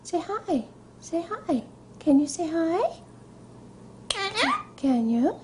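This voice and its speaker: A woman and bird breeder playing with her pet parakeet in sing-song talk, on a recording with loud hiss. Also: extremely high pitch, big pitch swings, slow, pauses often.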